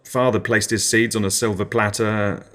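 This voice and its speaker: Low-voiced man hosting an absurdist comedy podcast, with mild, hesitant, dry narration. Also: little pitch movement, moderate pace, a bit bright. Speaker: podcast host.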